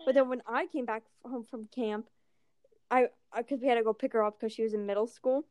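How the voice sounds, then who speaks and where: Teen girl, high voice, dry close mic, animated storyteller. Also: brisk, no echo. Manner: animated storytelling, acting out quotes. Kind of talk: casual chat.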